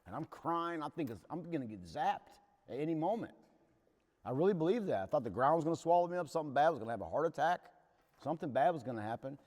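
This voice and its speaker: Quick and animated, a man whose voice runs high with a darkish tone leads a recovery workshop, giving an earnest, plain-spoken account of his own experiences. The recording carries a long hall reverb.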